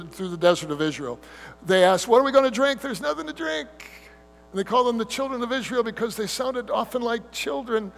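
A man with a high voice preaches a sermon, telling the story with animated delivery and slipping into whiny grumbling voices. His words ring out with a long hall reverb, over a low mains hum. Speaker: pastor.

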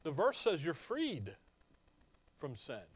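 A man with a touch of a Chicago accent preaches through scripture in a higher-than-usual voice. He talks conversationally, reads verses aloud and keeps asking his listeners questions. The sound is dry and close, with almost no room echo. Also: wildly swooping pitch, slow, slightly rough. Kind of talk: Bible teaching sermon.

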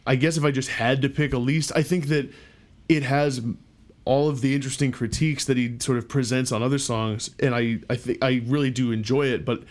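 A man's voice: medium pitch, fairly even intonation, a little fast. Hesitant man co-hosting a podcast. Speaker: podcast co-host. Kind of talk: casual chat.

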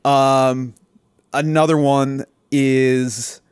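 A man's voice: mid-range voice, flat delivery, drawn-out words, clear, resonant tone, no echo, clean studio sound. A man chatting casually on a podcast, hesitant and laid-back, with frequent fillers and restarts. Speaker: writer, podcast guest.

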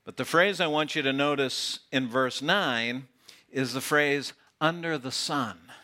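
A man preaching a sermon, playful and teasing, dropping to a hush to make a point. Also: mid-range voice, a little slow. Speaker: pastor. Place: outdoor gathering with camp chairs.

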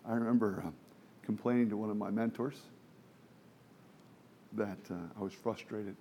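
A middle-aged man preaching a sermon from the pulpit, chatty and self-deprecating, moving between quiet asides and emphatic exhortation. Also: lowish voice, steady tone, moderate pace, slight background noise. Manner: conversational with self-deprecating humor, many restarts and fillers. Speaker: pastor.

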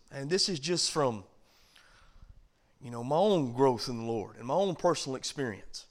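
A pastor teaches a Bible study in a church, talking with his listeners as much as preaching to them. His voice sits high for a man, and he swings from loud, pressing stretches down to hushed asides. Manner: conversational preaching with big swings in loudness.

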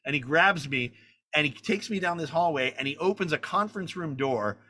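A man telling a story in a conversation, animated and profane, acting out the people he talks about. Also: on the high side, fairly quick. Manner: animated, profane, acts out the people in his stories. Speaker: guest filmmaker.

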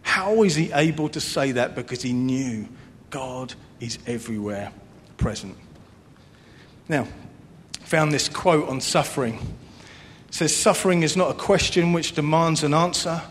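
A man preaching a sermon as pastor, earnest, with a repetitive cadence. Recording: long reverb, faint rumble.

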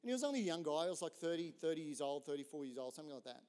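Man, pastor, conversational sermon, relaxed chatty storytelling, slightly raised pitch. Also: rapid-fire. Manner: relaxed, chatty, jokes with the audience.

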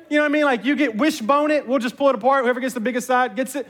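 A man, a pastor, giving a sermon as an animated, self-mocking storyteller. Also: very high voice, very fast. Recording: long reverb of a large hall.

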